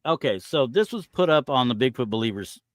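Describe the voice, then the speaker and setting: A man's voice: medium pitch, expressive, fairly quick, dry recording. A man co-hosting a casual podcast, ranting with exasperation and reading online comments aloud. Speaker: podcast co-host.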